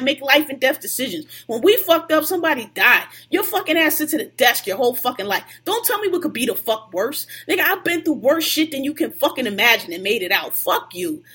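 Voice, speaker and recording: A woman's voice: high-pitched, pushed and bright. A woman on a podcast venting at length in a heated, profane, casual rant.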